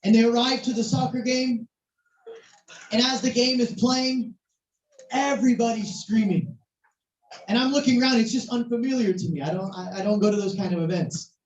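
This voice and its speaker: A preacher telling a story in a sermon, animated and at times shouting, recorded in a church hall. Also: mid-range voice, normal speed, long pauses, a little hiss or hum. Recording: echoey, distant, muffled hall recording.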